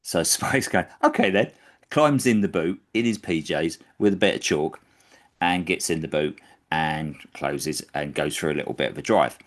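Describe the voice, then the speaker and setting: Deep-voiced man telling a story. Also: normal speed. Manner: animated, acts out quoted characters. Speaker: podcast storyteller. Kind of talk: casual anecdote telling.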